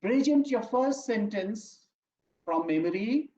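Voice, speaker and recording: An emphatic lecturer keeps repeating key points and calling listeners "my dear friends." The voice sits at a middle pitch. It comes through a dull, lo-fi recording with a roomy echo. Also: measured pace, warm tone. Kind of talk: online training lecture. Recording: echoey room, dull lo-fi audio.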